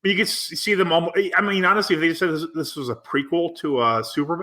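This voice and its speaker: Fast-talking, bright-voiced man rambling through a plot. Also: a little high. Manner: rambling, hesitant, many restarts. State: has the hiccups. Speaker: podcast co-host. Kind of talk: casual chat reviewing a movie.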